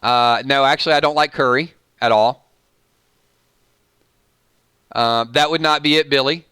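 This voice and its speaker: Bright Southern-accented man hosting a stream. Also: mid-range voice, fairly even intonation, unhurried, smooth, no echo. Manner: jokey, reads viewer comments aloud. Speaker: live stream host. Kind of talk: casual live stream chat.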